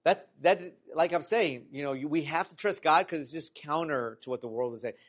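A middle-aged pastor preaches a little fast in a conversational style, with lots of fillers and restarts. When he reads scripture aloud, his pitch and volume climb.

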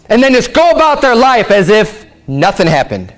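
High-voiced preaching man, emphatic. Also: big pitch swings, moderate pace, hardly any pauses. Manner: preaching with rising, emphatic peaks and rhetorical questions; reads scripture aloud then explains in casual asides. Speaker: pastor. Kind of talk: sermon.

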